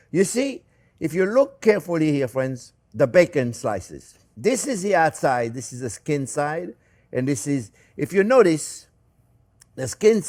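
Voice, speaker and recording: An older man with a French accent, hosting a cooking demonstration in a chatty way, laughing at himself as he works. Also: fairly high pitch. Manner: chatty, animated, self-mocking asides with chuckles. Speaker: cooking show host.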